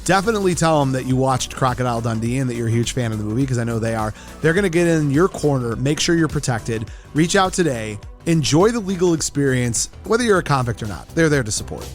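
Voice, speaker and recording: A man hosting a podcast, joking and excitable, reading ad spots quickly in a casual chat. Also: mid-range voice, soft background music. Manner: excitable, joking, reads ads fast. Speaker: podcast host.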